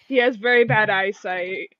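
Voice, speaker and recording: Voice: medium pitch, clean tone, no room sound, highs cut off. A game master narrating a tabletop game over voice chat, hesitant and full of fillers and restarts. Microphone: online voice chat.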